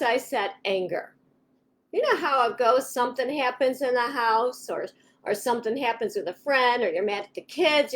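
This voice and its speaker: A woman with a somewhat higher voice hosts a casual live stream from her home office. She chats to viewers in a rambling, friendly way, restarting sentences and slipping into little acted-out inner thoughts. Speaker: home organizing coach hosting a live stream. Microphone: webcam or phone in a home office.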